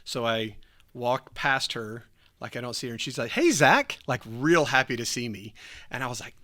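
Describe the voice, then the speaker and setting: A man telling a story in a casual chat, animated, laughing often and acting out what people said. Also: medium pitch, moderate pace. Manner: animated, acts out quoted voices, laughs often. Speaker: church podcast host.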